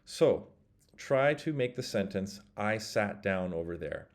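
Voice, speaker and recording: A man teaching a casual spoken language lesson, explaining grammar step by step and saying example phrases slowly so the learner can repeat them. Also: lowish voice, lively intonation. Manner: explains step by step, models phrases slowly and leaves pauses for practice.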